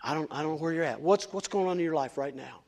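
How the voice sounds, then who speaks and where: A man's voice: on the high side, quick pace, vocal fry, a little mellow. A middle-aged man preaching a sermon, fervent and emphatic, now and then stumbling over his words. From West Virginia, USA. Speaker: lay preacher.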